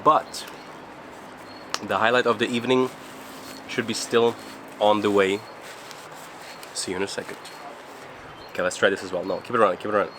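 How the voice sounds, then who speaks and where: A man's voice: fairly low pitch, flat delivery, normal speed, pauses often, noisy background. Chatty upbeat travel vlogger man. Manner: chatty, upbeat, loose self-corrections. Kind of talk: casual travel vlog.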